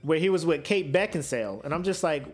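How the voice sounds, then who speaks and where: A man co-hosting a podcast in casual banter, slangy and animated, laughing often. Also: fairly high pitch, brisk. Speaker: podcast co-host.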